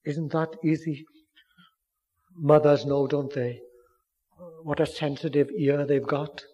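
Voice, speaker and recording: A preacher delivers his sermon in a breathy, husky voice, taking his time over every phrase. He pleads earnestly with his listeners, rising to loud declarations and then dropping to a hushed near-whisper. His voice sits fairly high for a man. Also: level tone, takes it slowly.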